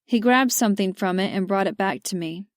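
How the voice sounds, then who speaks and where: A woman narrating a romance audiobook in measured, first-person storytelling. Her voice sits at an ordinary pitch for a woman. The recording is dry and close, with no room sound. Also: no room sound. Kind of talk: scripted narration.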